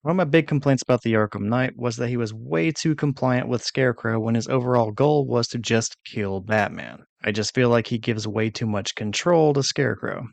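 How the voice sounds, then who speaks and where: A man recapping and commenting on a video game's story, first in a punchy announcer manner and then in easier, relaxed talk. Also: medium pitch, normal speed, vocal fry, hardly any pauses, no echo. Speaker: gaming video creator. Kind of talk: high-energy announcer-style recap.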